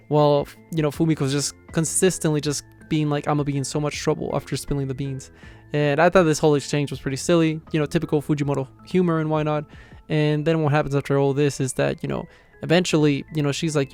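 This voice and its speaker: A man's voice: a little high, little pitch movement, brisk, darkish tone, soft background music. A man giving a casual, rambling recap of a manga chapter, filling his sentences with "you know". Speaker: manga reviewer.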